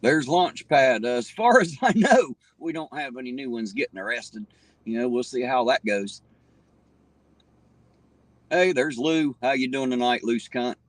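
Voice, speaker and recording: A man with an Appalachian accent hosts a casual nighttime livestream from his vehicle, greeting viewers by name in a folksy, talkative way. He has a medium pitch and speaks a little slowly; the recording is dry, with a distant mic and loud road noise.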